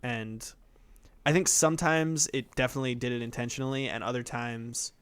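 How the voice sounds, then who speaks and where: Speaking a little fast, the young male co-host has a mid-range voice that is clear, resonant, and fairly bright, with fairly even intonation. He rambles through the casual podcast talk, cursing, using plenty of fillers, and doing goofy voices.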